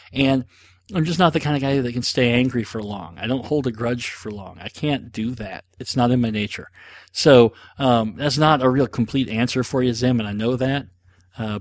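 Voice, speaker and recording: A man talks casually in a rambling, self-mocking way, dropping frequent fillers as he answers listener questions. His voice sits at an ordinary middle pitch. The sound is dry and close, with no room around it. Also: dry recording. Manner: rambling, self-deprecating, jokey, with many fillers. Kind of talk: casual solo talk.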